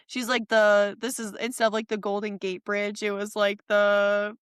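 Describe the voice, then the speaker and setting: A woman's voice: medium pitch, little pitch movement, normal speed, clear, resonant tone, dry recording, studio quality. A woman co-hosting a podcast in casual chat, reacting with frequent "like"s and playful asides. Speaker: podcast co-host.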